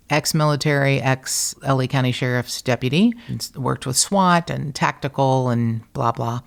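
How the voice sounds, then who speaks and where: A middle-aged American woman, a podcast host, telling a story in a casual, animated, profane and self-mocking way. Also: very deep voice.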